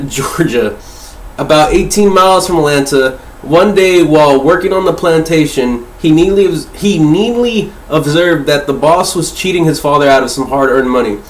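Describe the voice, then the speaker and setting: Guy ranting about a book, swears a lot, kinda rambly, echoey room. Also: fairly high pitch. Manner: profane, rambling, self-correcting. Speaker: book discussion host. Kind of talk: casual rambling book discussion.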